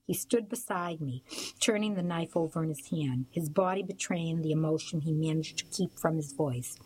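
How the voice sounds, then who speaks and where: A woman reading a novel aloud for a radio reading service, in a steady, plain storytelling manner. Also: low voice, normal speed, slightly rough, rough recording.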